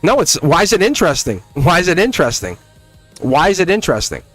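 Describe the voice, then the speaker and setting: A man giving a live-stream tarot reading, emphatic and animated, laughing often and slipping into a scolding teacher tone. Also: fairly high pitch, quick pace, dry recording, faint music behind. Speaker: tarot reader.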